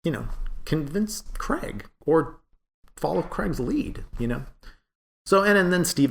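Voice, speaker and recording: A man's voice: medium pitch, moderate pace, vocal fry. A man being interviewed and recalling a working relationship, telling it as a story and acting out what others said. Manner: animated storytelling, acting out quoted dialogue. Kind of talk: oral-history interview recollection.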